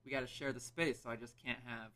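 A man's voice: medium pitch, steady tone, fast, pushed and bright. A man guesting on a casual podcast as a local comedian, talking in an easygoing way from a couch at home and laughing along.

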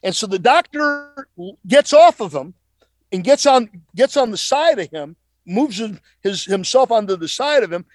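A man's voice: sits high, lively intonation, normal speed, no echo. A middle-aged male preacher telling a dramatic testimony on a talk show, emphatic and repeating phrases for effect.

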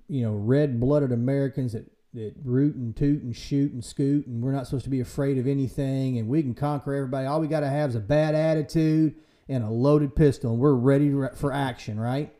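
A man hosting a casual church podcast, talking in a lively way and acting out quoted voices for humor. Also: mid-range voice, a little fast. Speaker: podcast host and church leader. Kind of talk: casual faith discussion.

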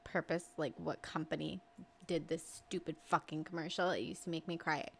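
A woman's voice: low-pitched, level tone, brisk, vocal fry, a little hiss or hum. A woman co-hosting a podcast, chatting candidly, swearing casually and acting out exasperated quotes. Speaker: podcast co-host. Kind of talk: casual chat.

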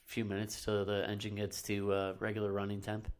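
A man's voice: fairly low pitch, monotone, fairly quick. A man tells rambling stories as a podcast co-host. His delivery is easygoing and casual, with the odd curse. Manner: laid-back storytelling, profane. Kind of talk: casual chat.

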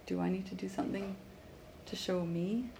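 A woman's voice: mid-range voice, steady tone, normal speed, gravelly, noisy background. A woman from Canada, a pronunciation coach, teaching a live lesson and stressing words and repeating phrases for students to echo back.

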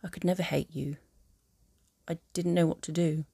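A woman voicing a remorseful young male aristocrat wizard in a fan audiobook, speaking softly and haltingly. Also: sits low, fairly even intonation, creaky, slightly rough, no echo, clean studio sound, full character voice. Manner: soft, halting confession.

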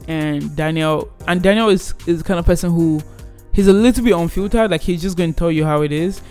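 A young man in his twenties casually telling a personal story, animated and rambling with many restarts. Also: on the high side, fairly quick, faint music behind.

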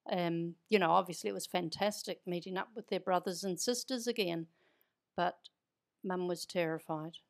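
A New Zealand woman with an Irish-tinged Kiwi accent, appearing as an interview guest, tells anecdotes in a chatty, conversational way and laughs easily. Her voice sits on the low side, creaky, at a normal speed.

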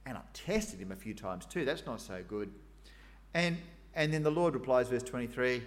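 A man's voice: medium pitch, moderate pace. A man preaching a sermon in a conversational way, acting out the quoted voices with asides. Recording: long hall reverb.

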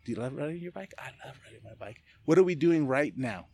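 A man guest on a podcast, talking in a casual chat, telling animated stories with laughs and casual swearing. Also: medium pitch, fast, slight background noise. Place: indoors, casual setting with a beer.

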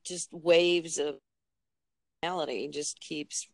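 A woman with a lowish voice speaks as a guest on a podcast over a remote call. She is reflective and halting, restarting her sentences often. The sound is dry and close. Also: fairly even intonation, dry recording. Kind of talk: casual interview conversation.

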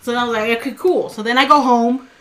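A woman's voice: on the high side, fairly quick. Woman, podcast co-host, casual storytelling, rambling, swears, quotes people. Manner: rambling, animated retelling with quoted asides and swearing.

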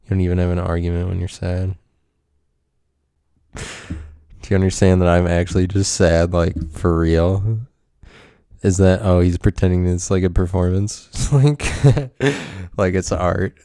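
A man's voice: deep voice, steady tone, a little slow, pauses often, mellow, dry recording, studio quality. A man hosting a podcast in a rambling solo monologue, self-mocking and profane, laughing often. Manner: profane, provocative. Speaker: podcast host.

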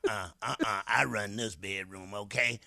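A man's voice: lowish voice, fairly even intonation, moderate pace, gravelly, sharp tone, no room sound, voice pushed down, heavily acted. A man voicing a towering, domineering woman who barks commands in the bedroom, growling in a comedic radio bit. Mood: commanding.

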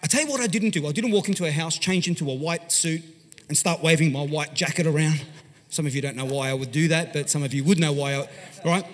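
An Australian pastor telling a story in an animated, conversational sermon, swinging from loud to hushed. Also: male voice, a little high, quick pace. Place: large church hall. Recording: long hall reverb.

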